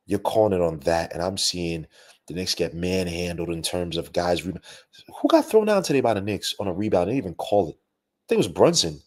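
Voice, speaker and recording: A young man hosting a live post-game basketball podcast, talking in an animated, slangy, ranting way with lots of asides. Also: sits low. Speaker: podcast host.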